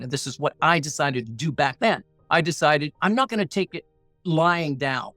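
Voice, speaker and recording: Telling a personal story on a podcast, a middle-aged negotiation coach uses a slightly high voice with a sharp tone at a moderate pace. He comes across earnest and blunt, plain-spoken and punchy in a motivational way, acting out the voices in his head. Faint music plays behind.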